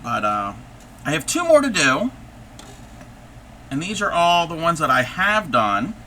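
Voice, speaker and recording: A man hosts a relaxed live stream from home, chatting with his viewers as he works on a craft. His voice is strikingly bright and cutting, and it swings widely in pitch as he teases himself and talks through each step. A faint air-conditioning hum sits underneath. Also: a little slow. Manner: thinks aloud and chats with viewers while working. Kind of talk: casual live-stream chat while crafting.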